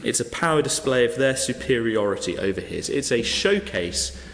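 A man's voice: mid-range voice, normal speed, slight background noise. A man preaching a sermon, telling a parable and acting out the characters in it. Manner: animated storyteller acting out quoted guests. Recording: echoey hall.

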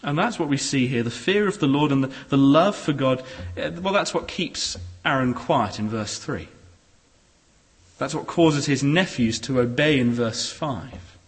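A man preaching a sermon in a church hall, expressive, with shifting pace and loudness. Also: medium pitch, unhurried. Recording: echoey hall.

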